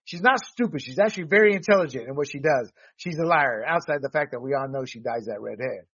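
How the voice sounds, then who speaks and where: A man hosting a political commentary podcast, talking in an animated, rambling way with restarts and laughs. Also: medium pitch, quick pace, husky. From Latino background. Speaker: podcast host. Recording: dull lo-fi sound.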